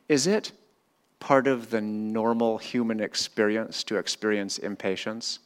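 A middle-aged man preaching a sermon in a church. He swings between loud, animated retellings and quiet, slow reflection. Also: fairly low pitch, clear, resonant tone. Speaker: pastor. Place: church hall with a screen.

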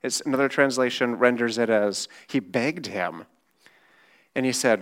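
Male preacher, mid-pitched voice, informal and emphatic, asks rhetorical questions. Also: moderate pace, fairly bright tone, clean tone. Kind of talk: conversational sermon.

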